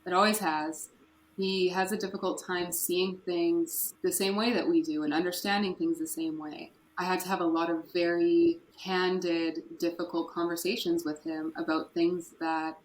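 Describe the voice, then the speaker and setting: A woman's voice: lowish voice, flat delivery, moderate pace. Candid woman in an echoey room. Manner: candid, emotional, with nervous laughs. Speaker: podcast guest. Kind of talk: personal story in an interview. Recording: echoey room with faint noise.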